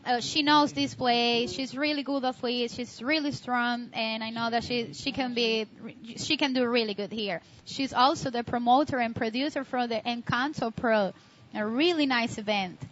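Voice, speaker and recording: A woman co-commentating live at a contest, enthusiastic and with halting second-language phrasing. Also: on the high side, a bit bright. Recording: dull lo-fi audio with faint noise.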